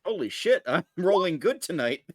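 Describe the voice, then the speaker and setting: A man playing in a tabletop game, chatting casually in an excitable, jokey way. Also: high-pitched, moderate pace, no echo, studio quality. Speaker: player.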